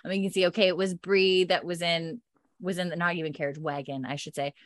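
A woman co-hosting a casual podcast, retelling events with lively shifts into character voices. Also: on the low side, no room sound. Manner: animated retelling, acts out characters in quick voices. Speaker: podcast co-host recapping a TV episode. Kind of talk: casual chat.

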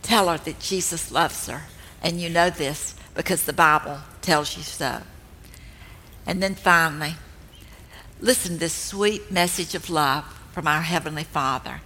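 An older woman giving a slow, gentle and earnest devotional teaching talk. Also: deep voice. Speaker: speaker at a women's ministry event. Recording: long hall reverb.

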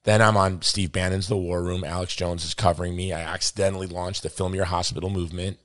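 Telling a story on his podcast, a middle-aged male host talks fast in a low-pitched voice. He animatedly performs the voices of those he quotes and throws in "dude" and "brother." There's no room sound.

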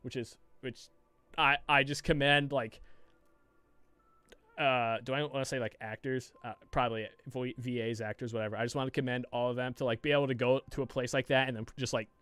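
A man's voice: medium pitch, level tone, brisk, a bit bright, clean tone, dry recording. A man co-hosting a podcast, telling a long, rambling, profane story full of restarts in casual chat. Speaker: podcast co-host.

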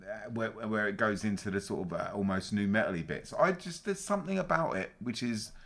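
A man co-hosting a casual podcast chat, sweary, teasing and animated. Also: lowish voice, a little fast, vocal fry. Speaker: podcast co-host.

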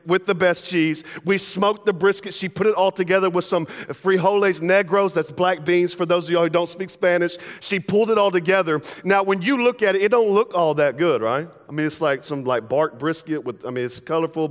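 Brief: young man, pastor preaching, slightly high voice, long hall reverb, casual and playful. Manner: casual, playful, acts out everyday dialogue in quick asides. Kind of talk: sermon. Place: church sanctuary.

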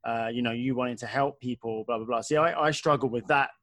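A man's voice: mid-range voice, fast, fairly bright tone, no room sound. A man in his early thirties talks thoughtfully in a casual podcast chat, hedging often and filling his speech with "like". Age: 30s. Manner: thoughtful, hedging, uses many "like"s.

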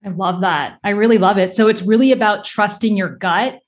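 A woman's voice: mid-range voice, a little fast. A woman hosting a podcast interview, affirming her guest and asking reflective questions. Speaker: podcast host.

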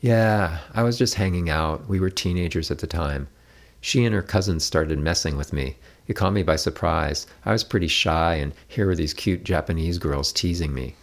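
A man voicing a shy, grieving man who talks softly and hesitantly. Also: low voice, moderate pace, vocal fry. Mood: reflective. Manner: soft, hesitant. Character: grieving shy man, soft-spoken, reflective.

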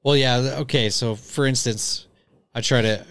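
A man's voice: medium pitch, steady tone, moderate pace, a bit bright, clean tone, dry recording. A man in casual chat, joking around crudely and swearing freely.

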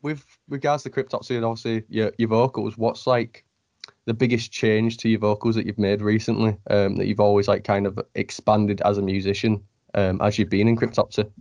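A man with a low voice interviews a musician casually. He talks haltingly with lots of fillers and restarts, recorded dry with no room sound. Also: flat delivery, a little mellow, dry recording. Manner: hesitant, many fillers and restarts.

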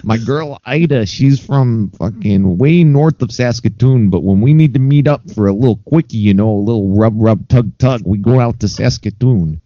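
A man's voice: medium pitch, normal speed, few pauses, dark tone, no room sound, highs cut off, voice pushed up, lightly acted. A man putting on a boisterous Canadian guy with a put-on Canadian accent, bragging about his local bar. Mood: jokey boastful.

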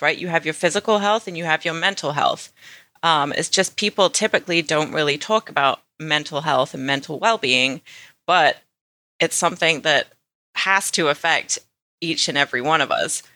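A woman's voice: low-pitched, bright, forceful tone, no room sound. A middle-aged woman with a British accent, chatting casually as a podcast co-host, laughing easily. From United Kingdom. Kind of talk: casual chat.

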